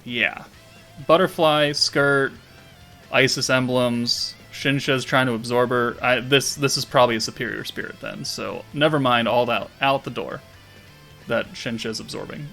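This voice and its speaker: Gravelly man rambling over game footage. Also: medium pitch, sharp tone. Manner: thinking aloud, loose and rambling with fillers. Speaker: gaming channel host. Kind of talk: casual game commentary.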